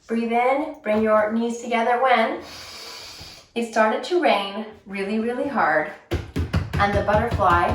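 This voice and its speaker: A woman's voice: fairly high pitch, slight background noise. Playful woman telling a kids yoga story. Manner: playful, gently instructive storytelling. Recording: echoey room, voice from a distance.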